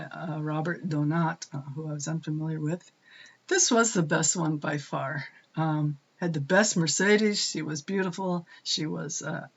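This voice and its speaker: A woman talking casually as she reviews a book and its film versions, pausing often with fillers and restarting her sentences. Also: fairly low pitch, gravelly, fairly bright tone. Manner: hesitant, many "uh" fillers and restarts. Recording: dull lo-fi sound.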